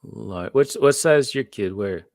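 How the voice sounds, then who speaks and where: Guy in his 40s on a radio call, kinda low voice, dry mic, chill and laughing a lot. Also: unhurried, creaky, no echo. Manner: friendly, laughing, relaxed banter. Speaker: guest. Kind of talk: casual radio interview chat.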